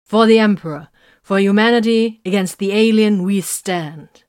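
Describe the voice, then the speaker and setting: A woman voicing a firm male space-soldier commander who leads a loud sworn oath. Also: mid-range voice, moderate pace, clean tone, natural voice. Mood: chanting.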